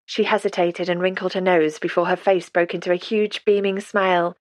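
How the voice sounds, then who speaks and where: Woman narrator, low voice, calm measured audiobook read, dry studio sound. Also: no echo. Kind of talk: scripted narration.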